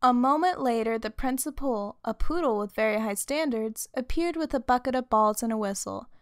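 A woman reading a children's story aloud in a lively, expressive way. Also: on the high side, normal speed, dry recording, clean studio sound. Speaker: storybook reader.

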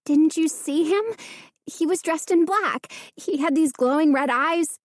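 A woman voicing a frightened young girl who speaks breathlessly in a high voice. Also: unhurried, no room sound, clean studio sound.

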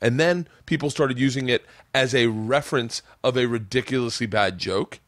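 A man's voice: mid-range voice, moderate pace, fairly bright tone, dry recording, studio quality. A man hosting a casual podcast, telling rambling stories full of swearing. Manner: profane, rambling storyteller. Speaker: podcast host.

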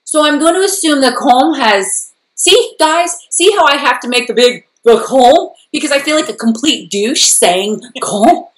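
A woman's voice: high voice, animated, normal speed, hardly any pauses, fairly bright tone. Chatty female co-host, rambling easily, recorded in a roomy space. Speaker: co-host of a fan recap show. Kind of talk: casual chat.

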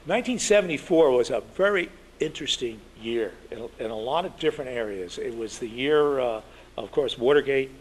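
A man's voice: mid-range voice, expressive, brisk, breathy edge. An older man, a veteran journalist, telling anecdotes in a rambling talk full of fillers and restarts.

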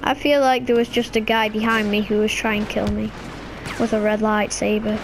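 A woman giving casual, excitable commentary while playing a video game, chatting away and breaking into sudden high squeals. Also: moderate pace, background noise.

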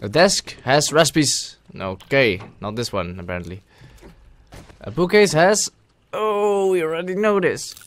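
A man hosting a gaming channel, giving let's play commentary as he talks to himself and bursts into loud, excited shouts. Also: fairly high pitch, measured pace.

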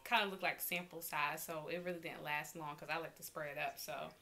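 Woman vlogger, bright lively tone, casual chatty haul delivery, talks right to camera, easily excited. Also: sits low, brisk. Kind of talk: casual unboxing haul vlog.

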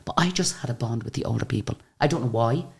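An Irish woman with a notably deep voice tells a story as an interview guest. She talks in a chatty, rambling way, full of asides and restarts. She slips into the voices of the people in her tale as she goes. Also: fast, gravelly. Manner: lively storyteller who acts out the people she quotes.

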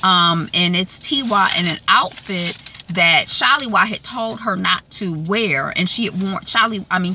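A woman vlogger casually recapping TV episodes, chatty and animated. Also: lowish voice, a little hiss or hum.

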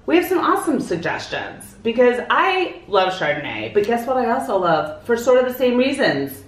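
Woman co-host, bubbly casual chatter, lively intonation, echoey room. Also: a little high, normal speed. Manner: bubbly and chatty, uses "like" often. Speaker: co-host of a wine show. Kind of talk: casual chat.

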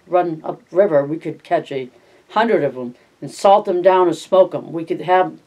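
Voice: mid-range voice, moderate pace, a little mellow, muffled recording, lightly acted. A reader voicing a weary ranch hand who describes a dream farm in plain, drawling rural speech while reading a novel aloud. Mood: dreamy. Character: rancher dreaming of owning land, a weary working man.

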